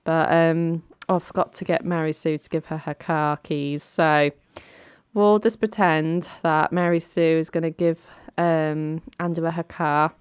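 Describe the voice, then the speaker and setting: A woman's voice: low voice, steady tone, a little slow, clear, resonant tone, dry recording, clean studio sound. A woman chatting casually as she narrates a life-sim game. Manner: chatty, lightly amused. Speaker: let's play host.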